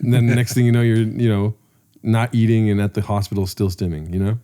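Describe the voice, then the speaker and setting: Teasing man with a mellow voice. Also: lowish voice, little pitch movement, fairly quick. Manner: teasing, short backchannel replies. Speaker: podcast co-host. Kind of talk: casual comedic podcast chat.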